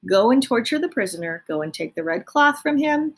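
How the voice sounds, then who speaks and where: A woman's voice: on the high side, sing-song, brisk. A woman doing a scornful bossy dungeon rat. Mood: lecturing. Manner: lecturing, insistent, preachy.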